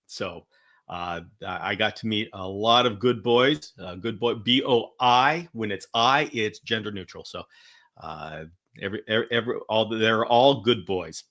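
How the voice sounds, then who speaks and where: Male host for a live teaching stream: upbeat, chatty, bright, forceful tone, stumbles and restarts often. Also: on the low side, moderate pace. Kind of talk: live-streamed educational talk.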